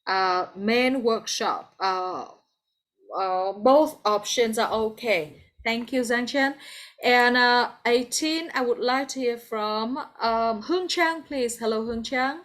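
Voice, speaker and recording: Teaching English via video call, a Vietnamese-accented woman calls on each student by name in a patient, encouraging way. She talks slowly in a higher, fairly bright voice.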